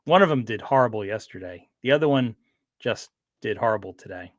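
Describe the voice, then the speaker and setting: A streamer with a lowish, expressive voice chats casually on a livestream at a brisk clip. He rambles, restarting often and using plenty of fillers, and there's no echo.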